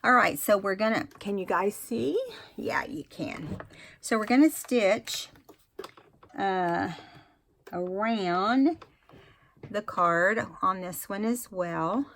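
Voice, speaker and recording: A woman's voice: mid-range voice, takes it slowly, long pauses, a bit bright, slight background noise. A woman hosting a casual crafting tutorial, chatting to viewers and correcting herself as she works. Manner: chatty, self-correcting, talks to viewers while working. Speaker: craft video host.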